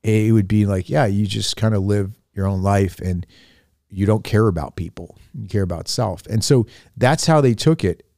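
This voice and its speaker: Low-voiced man telling a story. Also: moderate pace, creaky, dark tone, no echo, clean studio sound. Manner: storytelling with many fillers and restarts. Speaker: podcast host. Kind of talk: casual spiritual reflection.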